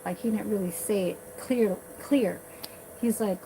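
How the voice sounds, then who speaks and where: A woman vlogger rambles in a casual monologue, blunt and profane, full of fillers and restarts. Her voice is mid-range and unhurried, with a noisy background behind her.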